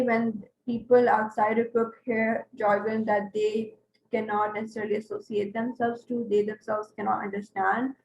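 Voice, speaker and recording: A woman teaching an online class, explaining step by step and checking in with her students. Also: fairly high pitch. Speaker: English tutor. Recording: roomy, dull lo-fi online class audio.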